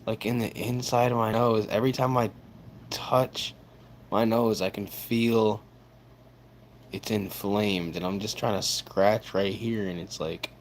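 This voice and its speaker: Slow-talking young male livestreamer. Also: lowish voice, fairly even intonation, slight background noise. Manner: laid-back, swearing, laughing at chat. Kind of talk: casual livestream chat.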